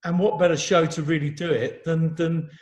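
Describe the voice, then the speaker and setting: Singer guest, middle-aged man, chatty and self-mocking, voice sits a touch high. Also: level tone, normal speed, a little mellow. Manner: chatty, self-mocking, repeats words, laughs easily. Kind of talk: casual chat.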